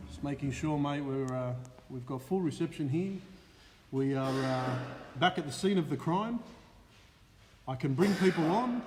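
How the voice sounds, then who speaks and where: An Australian man with a slightly high voice hosts a casual live racing stream, rattling off viewer names between "uh"s. He sounds like he's in a big echoey hall, with faint noise behind him. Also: unhurried. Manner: lively, reels off viewer names with many "uh" fillers.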